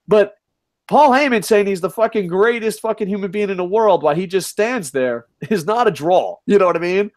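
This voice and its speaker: A young man with a fairly high voice rambles through casual wrestling chat. He swears constantly and gets more excited the longer he talks. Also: fairly quick. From United States. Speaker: podcast co-host.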